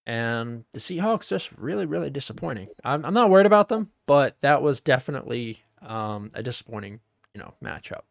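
A man's voice: medium pitch, big pitch swings, fairly quick, creaky, no echo, clean studio sound. A man co-hosting a sports podcast, talking in a loose, casual way with lots of fillers and the odd swear word. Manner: loose and profane, many fillers. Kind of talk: casual chat.

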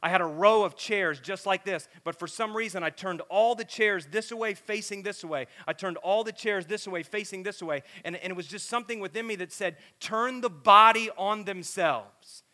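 A man preaching, telling a story with animated voices. His voice is bright and forceful, pitched a little high, and drops to a hush before rising loud. It sounds like a sermon from the pulpit. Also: brisk, hardly any pauses.

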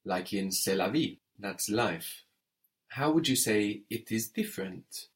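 A man's voice: fairly low pitch, expressive, slow pace. A man teaching French in an audio lesson, patient and methodical, prompting the learner and spelling words letter by letter.

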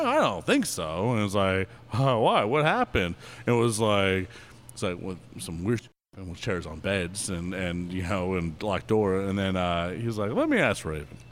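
A man's voice: low-pitched, a little hiss or hum. Rambling, giggly man telling a story. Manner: rambling, filler-heavy with frequent laughs. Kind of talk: casual storytelling.

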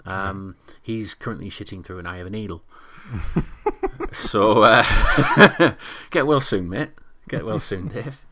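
A man's voice: fairly low pitch, takes it slowly, a crowd in the background. A man co-hosting a podcast in casual chat, joking, laughing often and trailing off mid-sentence. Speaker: podcast co-host.

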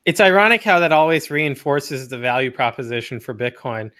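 Bright-voiced wry man chatting. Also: mid-range voice, lively intonation. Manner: quick, wry, laughs while talking. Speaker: podcast co-host. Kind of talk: casual chat.

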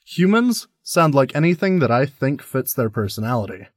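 A man's voice: medium pitch, sing-song, normal speed, dry recording, clean studio sound. A man hosting a podcast, explaining a topic in a friendly, step-by-step way. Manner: friendly, explains in plain steps. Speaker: podcast host.

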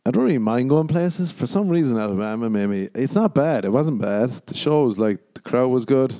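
A man's voice: medium pitch, animated, fairly quick, mellow. A young man hosting a rambling solo podcast, profane and jokey, often slipping into exaggerated mock voices. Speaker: podcast host.

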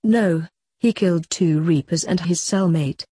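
A woman's voice: fairly low pitch, a little slow, mellow, slightly rough, dry recording. A woman reading as a dutiful reaper assistant.

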